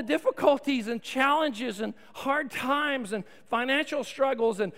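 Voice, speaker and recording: Animated high-voiced male preacher. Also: unhurried, hardly any pauses. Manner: animated preaching with swings from soft to loud. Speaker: pastor. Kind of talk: sermon. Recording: long hall reverb.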